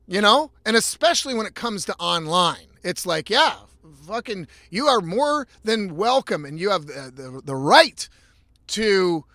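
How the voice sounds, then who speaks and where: High-pitched, bright-voiced ranting man. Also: no echo, studio quality. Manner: profane, exasperated ranting with frequent restarts. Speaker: podcast host. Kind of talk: casual solo podcast rant. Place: inside a parked van.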